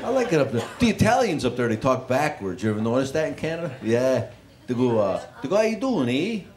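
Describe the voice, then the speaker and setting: A man's voice: mid-range voice, big pitch swings, fast talker. A man doing stand-up comedy in a club, bantering with the crowd and laughing through his lines. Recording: live club with loud crowd and noise.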